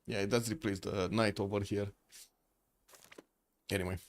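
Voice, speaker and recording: A man's voice: on the low side, flat delivery, moderate pace. A man giving live, chatty commentary on a strategy game match who often stops to ask his viewers questions. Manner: chatty, asks chat questions, frequent filler words. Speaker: esports caster.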